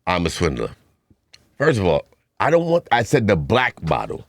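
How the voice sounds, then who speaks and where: A man's voice: sits low, huge pitch swings, moderate pace, no room sound. A man, co-hosting a podcast and trading teasing banter while telling stories on a studio mic. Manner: teasing, boastful storyteller. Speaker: podcast co-host. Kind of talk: casual banter.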